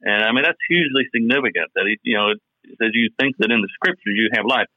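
With a Southern drawl, a podcast co-host from Kentucky lays out his views at length in a thoughtful, casual chat. His mid-range voice is lively in intonation and fast, with no room sound over a tinny phone line.

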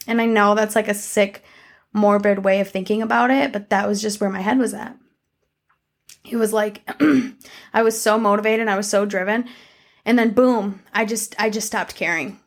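Candid woman with a gravelly edge. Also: medium pitch, moderate pace. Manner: candid and conversational, with frequent "like" and "um" and some swearing. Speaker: vlogger. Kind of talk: casual personal life-update monologue.

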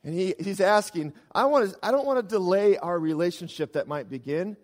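A man delivering a sermon with a slightly higher voice than usual, pushing up for emphatic lines and dropping to near-murmured asides. His voice rings out with a long hall reverb around it. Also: brisk. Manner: animated preaching, swings between loud emphasis and quiet asides. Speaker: pastor.

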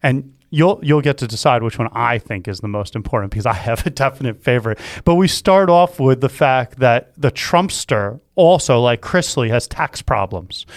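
A man's voice: mid-range voice, dry recording, studio quality. A man hosting a podcast in casual chat, rambling and self-mocking as he jokes. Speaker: podcast host.

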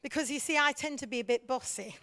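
A lively woman speaks in a high voice, teaching a congregation about leadership. She fires questions at her listeners and acts out other people's voices as she goes. The sound is dry and close, with no room echo. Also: fast. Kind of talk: church teaching talk.

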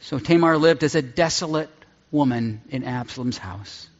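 Guy preaching, slow earnest reading, dull muffled sound, big hall reverb. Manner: earnest, deliberate, drops low on key words. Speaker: pastor. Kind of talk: sermon with scripture reading.

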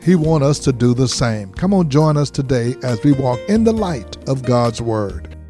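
A man reading a smooth, measured, scripted introduction to a church broadcast. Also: medium pitch, sing-song, dark tone, faint music behind. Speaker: program announcer.

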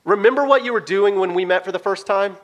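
A man voicing Jesus as a calm, patient teacher talking with his friends. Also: sits high, fast talker, voice pushed up, natural voice. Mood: friendly. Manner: gentle, conversational.

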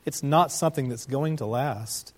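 A man preaching a sermon as a pastor, speaking emphatically, asking rhetorical questions and slowing down to stress key words. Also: medium pitch.

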